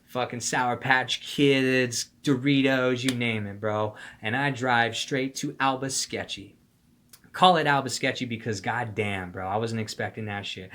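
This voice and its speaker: A man's voice: mid-range voice, steady tone, measured pace, a bit bright. A young man telling a story in casual slang, rambling and profane, acting out the voices of the people he quotes. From Phoenix, Arizona. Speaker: storyteller vlogger.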